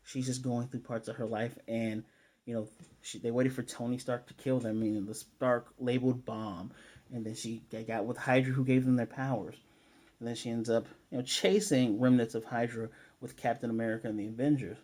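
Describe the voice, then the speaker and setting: A man with a mellow, mid-pitched voice talks through a TV episode recap in a loose, chatty way. He trails off, corrects himself and throws in filler words, then livens up when he shares his fan theories. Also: flat delivery, a little fast. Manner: rambling, loose, with frequent fillers and self-corrections. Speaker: TV episode reviewer. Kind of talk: casual spoiler recap and theorizing.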